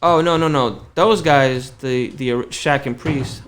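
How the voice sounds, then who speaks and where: A man's voice: medium pitch, slow, a bit bright, reverberant, a little hiss or hum. A young man guesting on a podcast, telling stories in a loose, profane way with lots of fillers. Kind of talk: casual podcast chat.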